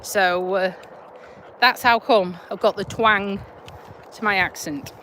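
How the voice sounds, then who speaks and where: Slow-talking woman with a Yorkshire-Lincolnshire accent. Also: medium pitch, steady tone, bright, forceful tone, slight background noise. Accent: Yorkshire-Lincolnshire English. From Lincolnshire, England. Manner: chatty, laughing, broad and blunt. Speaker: vlogger, nurse. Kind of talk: casual live chat while walking a dog. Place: outdoors on a country walk.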